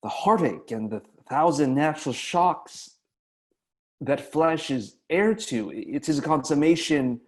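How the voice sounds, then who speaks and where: A man voicing a brooding young prince in a classical verse recitation, phrasing the lines in a measured, deliberate way. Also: on the high side, lively intonation. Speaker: actor in a masterclass.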